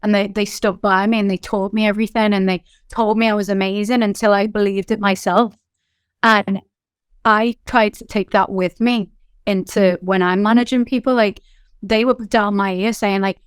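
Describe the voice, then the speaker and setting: A woman from Liverpool with a Liverpool accent, speaking as a business founder in an interview. Her voice is smooth and resonant, and she talks in an animated, chatty way with lots of "like" and "you know." The recording is dry and close. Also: medium pitch, no room sound. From England. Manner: animated, quick storytelling with frequent fillers. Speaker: company founder, guest. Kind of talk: candid interview talk.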